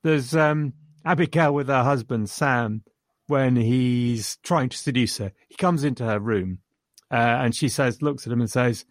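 A man's voice: mid-range voice, measured pace, no echo, studio quality. A man chatting about a film, retelling scenes with enthusiasm and chuckles. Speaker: film reviewer. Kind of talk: casual film discussion.

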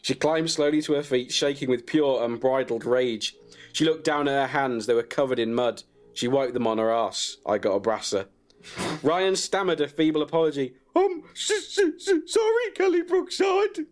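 A man reading a crude comic story about himself in a deadpan way and breaking into laughs. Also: medium pitch, moderate pace, faint music behind.

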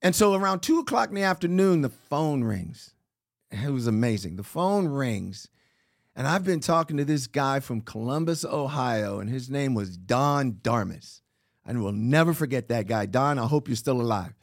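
A man's voice: medium pitch, moderate pace. A middle-aged man telling his own story in a casual chat, acting out what people said. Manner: animated storyteller acting out quotes.

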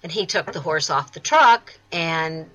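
A woman's voice: low voice, expressive, unhurried, pushed and bright, dull audio. A woman from the United States, a film festival founder, talking eagerly as an interview guest.

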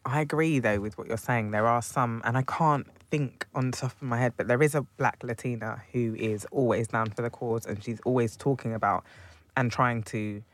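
A man's voice: mid-range voice, steady tone, normal speed. A man co-hosting a casual panel discussion who speaks thoughtfully and searches for his words as he goes. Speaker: podcast co-host.

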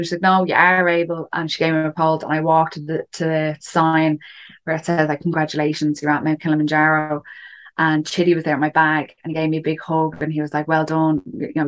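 A woman telling a story in a casual chat, full of fillers and asides. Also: low voice. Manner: chatty, frequent fillers and "do you know". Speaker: guest recounting a climb.

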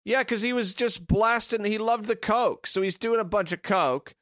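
A man's voice: sits high, moderate pace, fairly bright tone, no room sound, studio quality. A man co-hosting a podcast in casual chat, blunt, opinionated and sweary. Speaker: podcast co-host.

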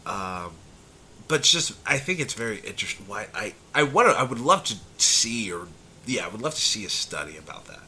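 A young man co-hosting a casual podcast, with a very bright voice and a lively, swooping pitch. He is chatty, laughs often and lets sentences trail off. Faint background hiss sits under the voice. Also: a little fast. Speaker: podcast co-host. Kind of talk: casual chat.

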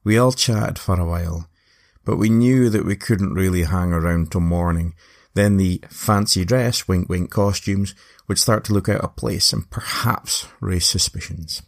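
Gravelly Scottish man telling a tale. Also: sits low, unhurried. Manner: wry, lively, playful asides. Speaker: storyteller. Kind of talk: casual storytelling narration.

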